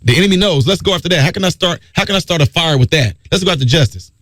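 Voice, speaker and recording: Male talk radio host, preachy and emphatic, lively pitch with big swings. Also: racing, no echo, clean studio sound. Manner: emphatic, preachy, repeats key phrases.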